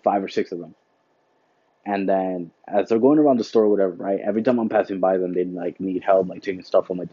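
A man's voice: deep voice, mellow, slightly rough, no room sound. A man hosting a podcast, telling a work story in a rambling, casual way, full of fillers and "whatever, right?". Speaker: podcast host. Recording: dull lo-fi sound.

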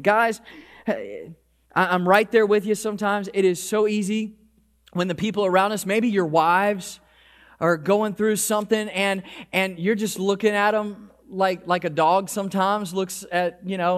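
A man preaching a sermon to his congregation, animated, with frequent restarts and repeated words. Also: sits high. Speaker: pastor. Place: church. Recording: hall reverb.

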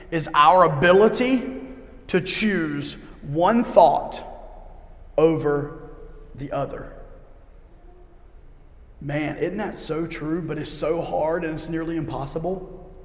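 A middle-aged man preaches from the pulpit, emphatic and fond of repeating his key lines slowly. His voice sits a little higher than most men's. The sound carries through a roomy church with a long, echoing tail. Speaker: pastor. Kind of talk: sermon. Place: church sanctuary. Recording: echoey hall with long reverb.

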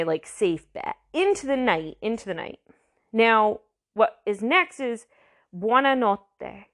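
A woman's voice: medium pitch, fairly bright tone. A woman giving a casual, rambling language lesson, full of fillers and restarts. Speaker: language tutor.

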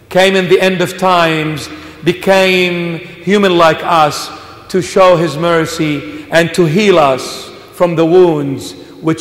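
High, slow-speaking preacher in an echoey church. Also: male voice. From Australia. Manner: dramatic, swings between hushed asides and loud exclamations. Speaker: bishop preacher. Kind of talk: sermon.

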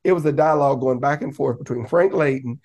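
A man talking casually as a podcast guest, telling lively stories and breaking into raised voices to act out what others said. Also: medium pitch, fast talker. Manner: animated, laughing, acts out quotes in raised voice. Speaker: podcast guest, basketball coach. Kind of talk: casual storytelling.

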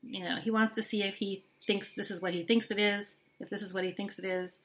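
A woman's voice: medium pitch, steady tone, a little fast, fairly bright tone. A middle-aged mother co-hosting a podcast, chatting in a gossipy way and acting out what people said. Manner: chatty, gossipy, acts out quotes. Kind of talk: casual reality-TV recap chat.

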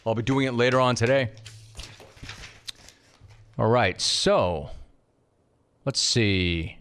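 A man hosting a sports talk radio show, bantering in an animated, mocking, rapid-fire way. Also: mid-range voice, smooth.

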